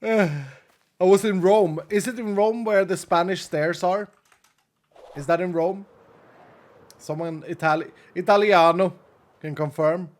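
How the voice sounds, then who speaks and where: A man's voice: high-pitched, measured pace, pauses often. A man in his thirties chatting casually with his chat while playing a game on stream, laughing often.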